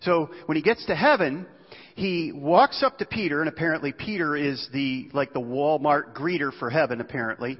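Preacher with a raised voice in a hall. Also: male voice, fairly high pitch, moderate pace. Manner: conversational storytelling, asks rhetorical questions. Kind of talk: sermon. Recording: long hall reverb, dull sound.

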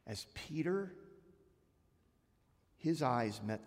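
A man's voice: medium pitch, expressive, measured pace. A male pastor preaching a sermon, retelling scripture conversationally with frequent restarts. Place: church sanctuary. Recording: long church hall reverb.

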